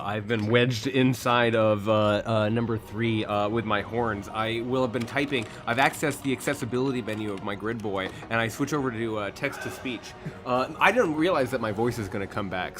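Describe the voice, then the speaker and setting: A man playing a tabletop role-playing game, animated and laughing, with frequent stumbles and restarts. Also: medium pitch, normal speed, over music. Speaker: player. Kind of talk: tabletop role-play chat.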